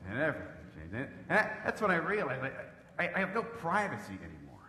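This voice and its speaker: Man, stand-up comedian, sarcastic, exasperated, slightly high voice, long reverb, background noise. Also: wildly swooping pitch, fast, pushed and bright. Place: live comedy stage in an echoey hall. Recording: echoey hall with background noise.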